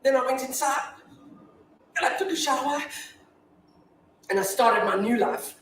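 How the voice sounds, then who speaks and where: An actress playing a grieving, foul-mouthed widow in a staged reading, telling her story from hushed to shouting. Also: high-pitched, a little slow, slight background noise. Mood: defiant. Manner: confessional monologue, swinging from hushed to shouting. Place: theatre stage. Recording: echoey hall from far off.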